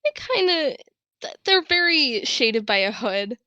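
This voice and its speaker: A woman narrating a tabletop game as game master, in a casual way with quiet asides. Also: high voice, very animated, measured pace, no echo, dull audio.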